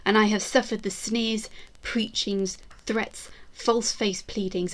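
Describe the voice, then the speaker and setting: A woman putting on a zealous Tudor queen with a voice, proud and vengeful. She declaims in grand, stately lines of mid pitch, building toward fury as she swears oaths. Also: close to an everyday voice.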